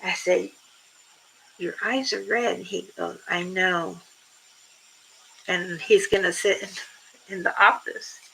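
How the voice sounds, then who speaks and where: A woman's voice: on the low side, gravelly, pushed and bright, slight background noise, low-quality recording. An older woman chatting casually with viewers on a livestream, telling rambling stories and laughing often. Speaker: livestream host.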